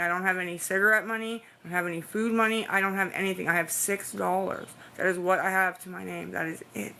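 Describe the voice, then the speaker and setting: A woman's voice: mid-range voice, pushed and bright. A tired woman chatting to her live-stream audience, anxious and pleading, rambling with restarts. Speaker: livestreamer talking to chat. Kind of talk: casual live-stream chat.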